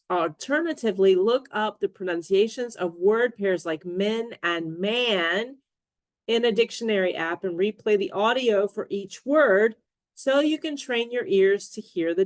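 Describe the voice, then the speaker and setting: Slow, deliberate woman teaching pronunciation. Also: medium pitch, no echo. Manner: deliberate, models word pairs clearly. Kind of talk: slow scripted pronunciation lesson.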